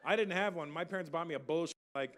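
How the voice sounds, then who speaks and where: This is a Canadian stand-up comic in middle age, working a large live room with anecdotes, free swearing and crowd banter. His pitch is on the high side, his delivery fast and his tone fairly bright, captured with live hall reverb and faint ambience.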